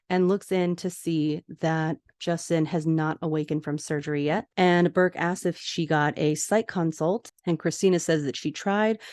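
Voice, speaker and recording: A woman's voice: fairly low pitch, darkish tone, no echo, studio quality. A woman hosting a podcast, casually retelling a TV episode scene by scene and quoting the characters. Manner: narrates scenes, quotes characters, laughs often. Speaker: podcast host recapping a TV episode.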